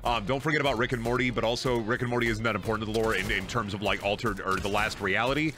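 A man's voice: on the low side, quick pace, a little hiss or hum. A man chatting and ranting with lots of swearing while streaming a game. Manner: animated, ranting, swears a lot. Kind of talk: casual gaming stream chat.

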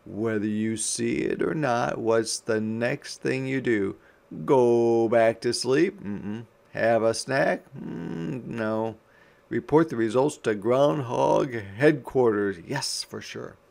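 Slow, gravelly man reading aloud to kids. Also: mid-range voice, darkish tone. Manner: questioning, answers his own prompts. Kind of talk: interactive read-aloud for young children.

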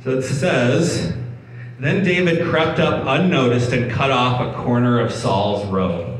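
Male pastor, sermon, mid-pitched voice, echoey distant recording. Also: a little slow. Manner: conversational preaching with frequent restarts and repeated words. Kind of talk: sermon reading and explaining scripture. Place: church hall. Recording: echoey room, mic at a distance, faint background hum.

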